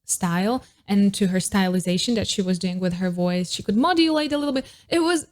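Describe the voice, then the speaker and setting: A woman's voice: medium pitch, brisk, a little mellow. A woman vocal coach giving reaction commentary on a singer, admiring and analytical, with technical vocal terms.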